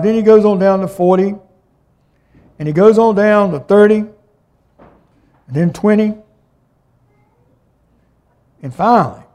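A man's voice: high voice, dark tone. A man preaching a sermon in a plain-spoken way, reading scripture aloud and explaining it.

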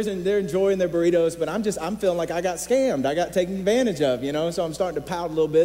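Storytelling pastor in an echoing hall. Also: male voice, a little high, dark tone, slight background noise. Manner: storytelling, self-mocking, acts out quotes. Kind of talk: sermon. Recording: reverberant hall, faint ambience.

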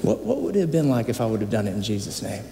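Storytelling pastor in an echoing hall. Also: male voice, on the low side, big pitch swings, racing, gravelly, warm tone, slight background noise. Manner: storytelling, self-mocking, acts out quotes. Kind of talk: sermon. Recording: reverberant hall, faint ambience.

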